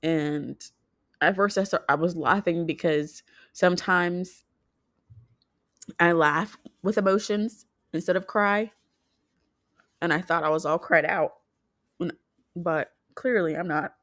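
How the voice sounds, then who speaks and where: A young woman talking to her viewers in a heartfelt personal vlog, halting and restarting as she speaks. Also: fairly low pitch, fairly bright tone, no room sound, studio quality. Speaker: vlogger.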